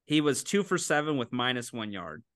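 A man co-hosting a casual sports betting podcast, animated and incredulous, quick to laugh. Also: medium pitch, dry recording, clean studio sound. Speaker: podcast co-host making picks.

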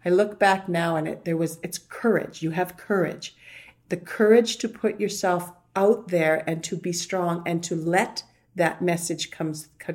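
A woman's voice: lowish voice, darkish tone. A woman muralist in casual conversation, laughing often as she tells stories about painting walls with young people. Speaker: fellow muralist.

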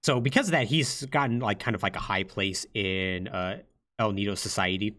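A young man hosts a podcast, casually retelling a game's plot in a fairly low voice at a normal speed. He's lively and leans heavily on fillers, acting out the quotes as he goes.

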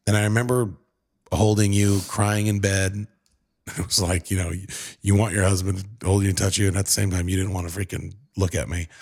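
A man in his thirties with a somewhat low voice shares an emotional personal story. He talks in a casual, run-on way, dropping "like" and "dude" often. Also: breathy edge. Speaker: husband telling a family story.

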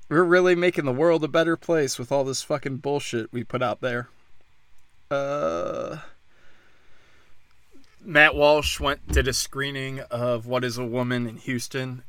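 Casting: male host, bright forceful voice, sarcastic and foul-mouthed, dry close sound. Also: medium pitch, no echo. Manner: profane, sarcastic, rambling. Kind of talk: casual news rant.

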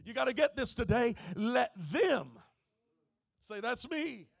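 Gravelly high-voiced preaching man. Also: big pitch swings, slow, no echo. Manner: preaching, swings from soft to shouting and half-singing. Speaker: pastor. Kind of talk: sermon.

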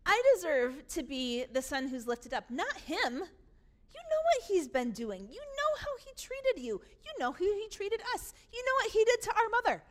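A woman's voice: on the high side, very animated, drawn-out words, long pauses, a bit bright, heavily acted. A woman acting an indignant, resentful older brother. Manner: indignant, insistent complaining. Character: resentful older brother, self-righteous young man.

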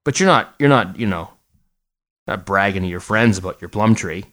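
A man's voice: lowish voice, lively intonation, normal speed, a bit bright. A middle-aged man co-hosting a podcast, chatting casually with jokes and a lot of restarts. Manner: rambling, joking, many restarts. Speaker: podcast co-host. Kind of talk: casual chat.

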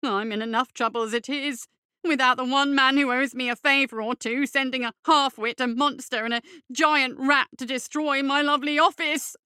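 A woman putting on a spindly, cowardly male guild official from an audiobook, pitched a little higher and louder than her own voice. He whines and frets in a fussy, pompous manner, and his voice comes out bright and crisp. The recording is close and dry. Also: fairly even intonation, moderate pace, no room sound, heavily acted. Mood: tearful. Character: thin foppish cowardly male guild bureaucrat. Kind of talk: audiobook character voice.

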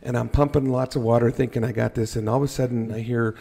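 A man telling a firefighting story in a casual podcast chat, animated and joking at his own expense. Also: mid-range voice, a little fast, creaky, few pauses, a little hiss or hum. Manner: animated, acts out his own panicked thoughts, jokes at himself.

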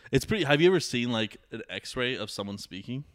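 A man's voice: medium pitch, animated, no room sound, studio quality. A young man co-hosting a podcast, chatting casually with jokes and rambling asides. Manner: joking, rambling, quick bursts. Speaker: podcast co-host. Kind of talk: casual chat.

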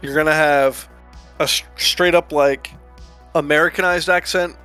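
A man's voice: a little high, fairly even intonation, measured pace, sharp tone, clear, resonant tone. Hesitant man, faint music behind. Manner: hesitant, restarts sentences often. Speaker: podcast co-host. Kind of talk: casual chat about a movie.

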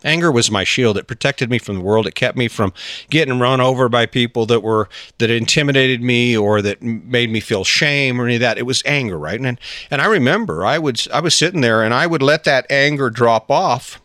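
A man's voice: mid-range voice, fairly quick, a bit bright, no echo, clean studio sound. Earnest man rambling on a podcast. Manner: earnest, rambling, acts out inner voices with many restarts. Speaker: podcast host. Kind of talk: solo motivational podcast talk.

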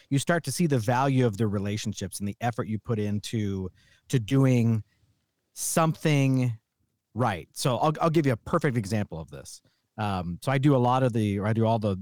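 A man's voice: mid-range voice, dry recording, clean studio sound. A middle-aged man hosting a podcast, chatting casually and telling stories with emphasis. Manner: animated storyteller, emphatic. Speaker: podcast host. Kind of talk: casual chat.

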